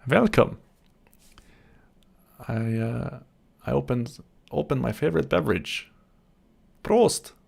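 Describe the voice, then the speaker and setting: A man's voice: mid-range voice, moderate pace, vocal fry, darkish tone. A man from Germany with a slight American accent hosts a casual livestream at home. He chats easily, reads out viewer comments, answers them, and laughs often. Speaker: livestream host.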